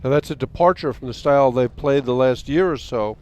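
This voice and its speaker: A man doing sports commentary, recounting a team's recent results in a measured way. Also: medium pitch, darkish tone, a little hiss or hum. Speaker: play-by-play commentator.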